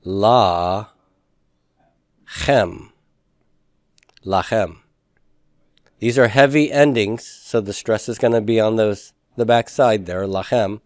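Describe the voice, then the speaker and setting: A man's voice: medium pitch, moderate pace, hardly any pauses, a little mellow, no echo, clean studio sound. A man teaching a Hebrew grammar class, patiently asking students questions and confirming their answers.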